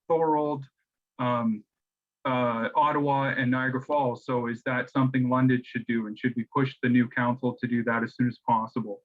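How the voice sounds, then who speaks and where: A man moderates a townhall, pausing often and repeating words as he finds his way. His voice sits at a middle pitch and comes through a dull, muffled lo-fi recording. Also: a bit bright. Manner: halting, many "uh" and repeated words. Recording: dull lo-fi sound.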